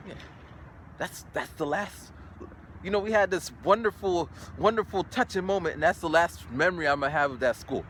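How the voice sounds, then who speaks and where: A man in his forties telling a story in a casual vlog, animated, and acting out sounds and voices. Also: normal speed, a little hiss or hum. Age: 40s. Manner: animated, acts out sounds and voices with big pitch jumps. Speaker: English teacher in Japan.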